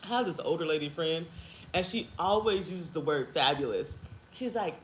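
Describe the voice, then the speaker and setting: A woman in her thirties chatting casually to her viewers in an animated way, laughing often and calling them girl and honey. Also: fairly low pitch, moderate pace, slight background noise. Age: 30s. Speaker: vlogger. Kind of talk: casual chat to camera. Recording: echoey room with faint ambience.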